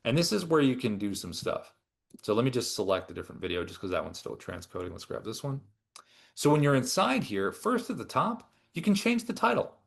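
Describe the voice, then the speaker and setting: A man giving a relaxed, chatty software tutorial as a product trainer. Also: medium pitch, brisk, creaky. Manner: relaxed, chatty, with lively ups and downs. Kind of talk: casual screen-share tutorial.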